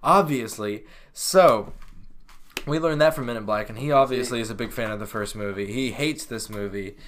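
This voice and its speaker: Young man, podcast host, desk mic, self-deprecating, laughing, mid pitch. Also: moderate pace, slight background noise. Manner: laughing, self-deprecating, reads aloud with loud jokey emphasis. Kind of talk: casual podcast chat.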